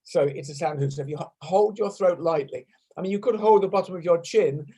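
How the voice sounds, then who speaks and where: A playful English man leads a laughter yoga class over a video call, joking about himself as he teaches. His voice sits fairly high for a man, and he shows each laugh sound out loud to his students. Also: fairly quick, slightly rough. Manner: playful, self-mocking, demonstrating laugh sounds loudly. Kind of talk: online class instruction. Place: home room on a video call.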